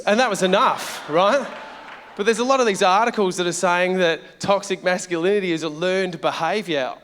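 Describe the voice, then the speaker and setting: A man's voice: sits high, normal speed, a bit bright. A middle-aged man performing a stand-up comedy set, brash and sweary in a conversational way. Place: large theatre stage. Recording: live venue with long reverb.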